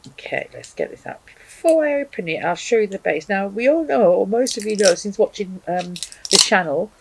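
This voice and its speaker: A woman's voice: fairly low pitch, darkish tone, breathy edge, rough recording. A woman reviewing hot sauces to camera at home, chatting casually and thinking aloud with frequent ums. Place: home, indoors with a cat.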